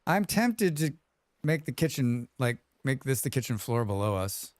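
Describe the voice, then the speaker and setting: Man hosting a live game stream, chatty, animated voice, smooth dry close sound. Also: mid-range voice, normal speed, no echo. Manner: chatty, reads chat aloud and hums to himself. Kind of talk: live gameplay commentary.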